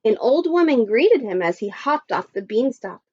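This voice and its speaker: A woman teacher reading a story aloud to children, expressive and adding little asides. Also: a little high, moderate pace, lo-fi sound. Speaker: primary school teacher.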